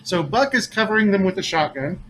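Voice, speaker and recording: A man acts as game master at a home dinner-table game. He lays out scenes and settles rules in a plain, matter-of-fact way. His voice sits a little high and sounds bright. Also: animated, brisk, slight background noise, low-quality recording.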